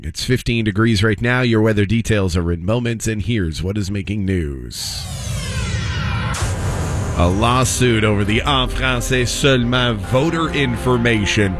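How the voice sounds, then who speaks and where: A male anchor reading a morning radio news update in a clear, measured newsreader delivery. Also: medium pitch. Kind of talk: radio newscast. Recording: radio news with music bed.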